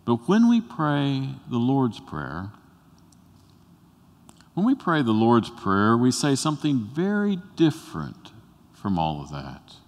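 A male pastor preaching a sermon, telling a story that swells to loud bursts and drops to a hush. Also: medium pitch, huge pitch swings, slow. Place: church sanctuary. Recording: long reverb in a church sanctuary.

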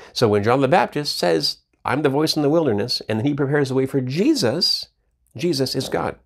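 A man's voice: mid-range voice, vocal fry. A man teaching from the Bible in a casual, emphatic way, often repeating words as he reads and explains verses. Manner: emphatic, repeats words while reading scripture.

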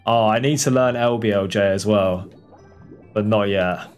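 Fairly low in pitch and moderately paced, this man livestreams a speedrun over soft background music. His commentary is excitable, aimed at both chat and his character, with swearing when things get tense.

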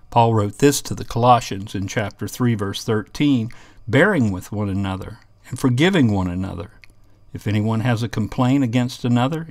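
Man, Bible class teacher, earnest scripture reading, mid pitch, dry close sound. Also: no room sound. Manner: earnest, reads scripture aloud and comments.

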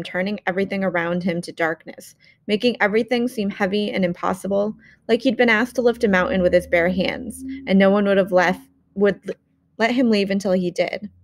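A woman reads a novel aloud in an audiobook. Her narration is measured and expressive. Her voice sits at a medium pitch. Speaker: audiobook reader.

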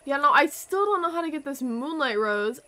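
A woman giving playful, excitable let's play commentary, often mocking herself as she reacts to the game. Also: high-pitched, normal speed. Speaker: gaming streamer.

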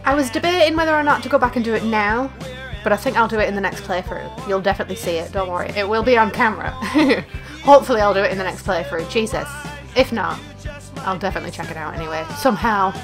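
A woman's voice: medium pitch, quick pace, music in the background. A young woman giving casual, crude and jokey gameplay commentary as a let's play host, laughing often.

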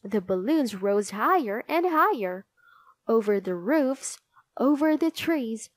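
A woman reading a picture book aloud in a high, sing-song voice. Her pace is slow and her pitch swings widely. The sound is close and dry. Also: expressive, no room sound. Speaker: storybook reader. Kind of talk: children's read-aloud narration.

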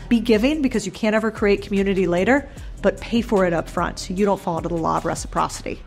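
A woman hosting her own channel, giving blunt, casual money and life advice straight to camera and swearing freely. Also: medium pitch. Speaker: business creator and host. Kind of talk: direct-to-camera advice talk.

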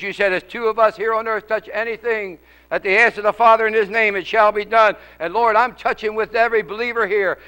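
High bright-voiced preacher man praying hard in an auditorium, real fervent, repeats himself in rhythm. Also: smooth, poor audio. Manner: fervent, rhythmic, repetitive calls. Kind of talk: leading a congregation in prayer.

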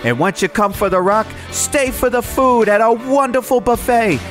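A man's voice: very high-pitched, moderate pace, a bit bright, faint music behind, voice pushed up. A man reading a brash radio ad for a bar and buffet as a pushy hard-sell announcer, half singing some lines.

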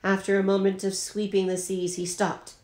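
Teacher reading a chapter book aloud to her class, expressive storytelling. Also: medium pitch, normal speed. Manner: expressive, lightly voices the characters. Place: at home.

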